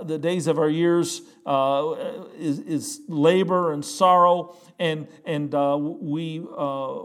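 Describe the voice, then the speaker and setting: Male pastor, fairly high voice; urgent sermon delivery with loud peaks and quiet asides. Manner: earnest, urgent preaching with sudden loud rises and soft drops.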